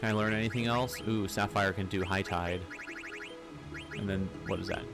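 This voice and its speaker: A low-voiced man streaming a game, thinking out loud and swearing casually as he goes. Faint game music plays underneath. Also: fairly even intonation, moderate pace, creaky. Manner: musing aloud, swears casually. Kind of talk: casual gameplay commentary.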